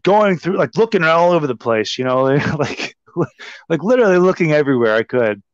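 A man guest telling a story in a casual, animated and profane way, full of "like". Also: on the high side, a little fast, no echo. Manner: animated, profane, heavy use of "like". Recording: slightly dull, dry sound.

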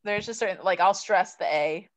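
A woman's voice: mid-range voice, moderate pace. A woman from Maryland, rambling casually with many fillers on a video call. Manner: rambling, hesitant, lots of fillers. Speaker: coaching call participant.

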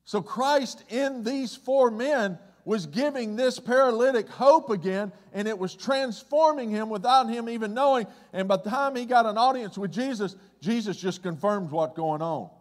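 High-voiced man preaching in a reverberant hall. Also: moderate pace, few pauses. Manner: conversational preaching, swinging from loud excitement to hushed low tones. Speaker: pastor. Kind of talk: sermon.

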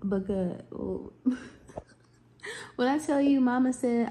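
A woman's voice: a little high, slow pace, long pauses, mellow. A woman, chatting casually to her vlog viewers in a sassy, playful way with salty slang. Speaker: vlogger. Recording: noisy home recording.

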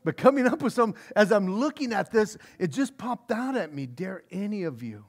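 A man preaching an expository sermon from the pulpit. His voice sits high and swings widely in pitch, and he often repeats and restarts words as he works through the text. His earnest delivery slows down for scripture. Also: sing-song. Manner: earnest, frequent stammered restarts; reads scripture aloud slowly. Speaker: pastor.

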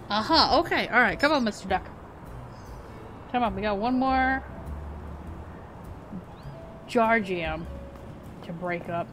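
A woman's voice: medium pitch, expressive, slow pace, long pauses, a bit bright, faint music behind. A young woman streamer chatting playfully to herself while playing a game. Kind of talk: casual game-stream commentary.

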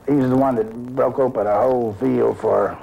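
A man's voice: mid-range voice, fairly even intonation, moderate pace, gravelly, warm tone, slight background noise, poor audio. A man, a guest musician, talking in a plain, down-to-earth way.

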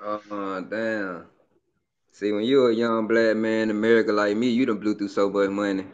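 A man's voice: fairly low pitch, little pitch movement, normal speed, clear, resonant tone. Laid-back man, dull lo-fi sound. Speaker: guest. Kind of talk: casual chat.

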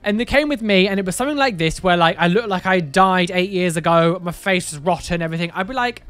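A woman's voice: lowish voice, expressive, fast talker, a bit bright, soft background music. A woman doing casual reaction commentary as a YouTuber, exclaiming and laughing with slangy asides. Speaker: YouTuber reacting to tattoo photos.

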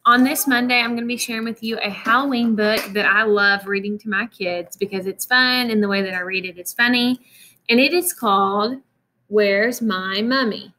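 A woman teacher reading a picture book aloud to children, expressive and animated, stopping to explain words. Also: a little high, poor audio.

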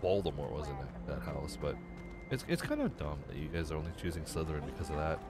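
A young man gaming streamer rambles casually over his playthrough in a rumbling low, sing-song voice, talking fast, correcting himself and getting sidetracked. The recording is very noisy, with game music playing behind him.

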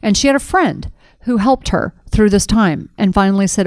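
Animated middle-aged woman, smooth voice. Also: medium pitch, moderate pace, no echo. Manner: animated storytelling, acting out quoted dialogue. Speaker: podcast co-host. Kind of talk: casual conversation.

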